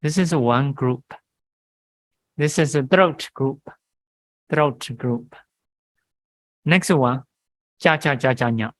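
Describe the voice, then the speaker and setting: A man, a monk teaching Pali grammar in halting English, reciting syllables and pausing often. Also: mid-range voice, dry recording, low-quality recording. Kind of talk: grammar lesson. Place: meditation centre classroom.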